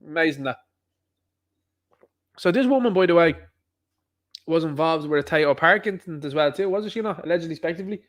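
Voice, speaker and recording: A man's voice: a little high, lively intonation, a little fast, pauses often. A man hosting a livestream, with rambling commentary full of repeated asides. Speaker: livestream host.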